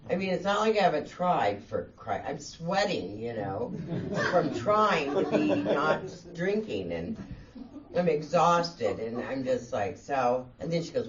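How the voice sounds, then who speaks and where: A woman guest speaker recounts her own story in a meeting room, her deep voice measured in pace with big pitch swings, a crowd audible behind her. Candid and self-mocking, she laughs as she speaks, and the audio is distant and dull with faint room hiss.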